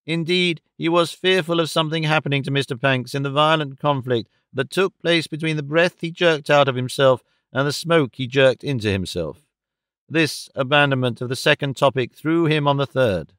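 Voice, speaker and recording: A man narrating a classic novel as an audiobook, in a measured, steady storytelling manner. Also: on the high side, clear, resonant tone, dry recording, clean studio sound.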